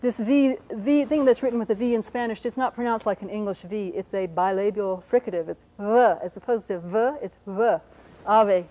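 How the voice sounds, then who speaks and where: Her voice is mellow and medium-pitched with a steady tone, and she talks briskly with few pauses, though the audio is poor. As a linguistics lecturer explaining at the whiteboard, she patiently voices example words and apologizes while correcting her slips.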